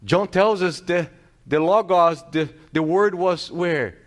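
A man pastor preaching a sermon, teaching with rhetorical questions and restarting phrases, swinging his loudness and pace for emphasis. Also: high voice, takes it slowly.

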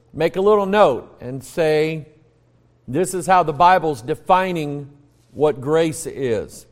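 American pastor teaching, echoing hall. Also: male voice, a little high. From United States. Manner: folksy, storytelling, frequent restarts. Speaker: pastor teaching a Bible class. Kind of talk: conversational Bible teaching, quizzing the class. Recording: long reverb of a large room.

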